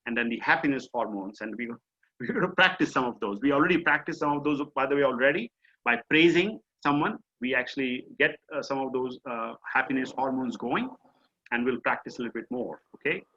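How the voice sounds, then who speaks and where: Bright-voiced Indian man coaching on a video call. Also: medium pitch, a little fast. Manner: conversational, explanatory, frequent fillers. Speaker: mindfulness coach. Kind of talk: online course session. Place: home or office on a video call. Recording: dull lo-fi video call audio.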